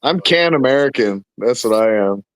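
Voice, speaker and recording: A man's voice: medium pitch, animated, moderate pace, no echo. A man in a casual chat with friends, trading profane, teasing banter. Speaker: podcast co-host.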